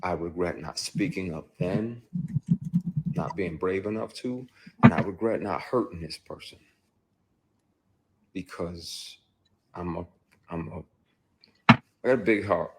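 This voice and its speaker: A man with a deep, husky voice tells his own story candidly. He speaks bluntly and with raw feeling, swearing often and restarting sentences. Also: measured pace, long pauses, a bit bright. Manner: blunt, profane, emotional, with restarts. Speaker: actor telling his story. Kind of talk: candid first-person storytelling.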